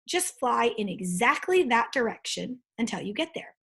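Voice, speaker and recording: A woman doing a croaking, very old seagull. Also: a little high, big pitch swings, normal speed, fairly bright tone, heavily acted. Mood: offhand. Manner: croaky, matter-of-fact.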